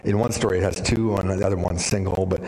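A man preaching a sermon as pastor, animated and storytelling, with sudden drops to a hushed voice. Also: low voice, fast. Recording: reverberant hall.

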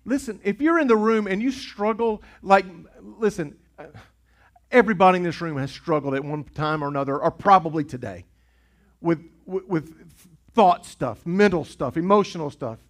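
A man's voice: sits high, moderate pace. A man preaching a sermon as pastor, impassioned and urgent, often repeating himself for emphasis. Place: church sanctuary.

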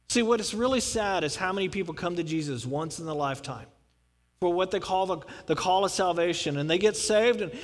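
A man's voice: high voice, long reverb tail. A male pastor preaching a sermon, dramatically acting out the scripture he quotes.

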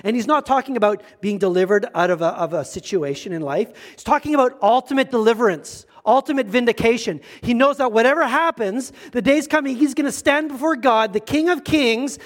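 Middle-aged pastor guy, high voice, chatty animated sermon, does little voices for people. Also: fairly quick, few pauses. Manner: conversational, animated preaching with quoted voices.

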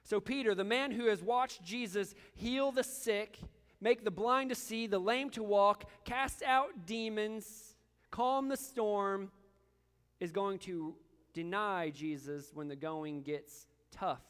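High-voiced man preaching in a reverberant hall. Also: slow pace, fairly bright tone, smooth. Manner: earnest, repeats words when stressing a point. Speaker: pastor. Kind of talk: sermon.

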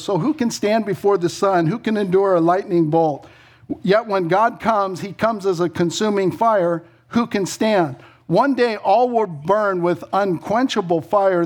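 A middle-aged man preaching a sermon, telling stories with laughs and quick asides before turning to scripture. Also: sits high, darkish tone. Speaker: pastor.

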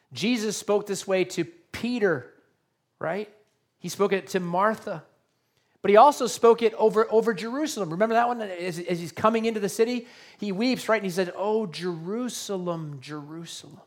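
A man's voice: high-pitched, normal speed. A male pastor giving a sermon, earnest and repetitive, often checking in with his listeners by asking questions.

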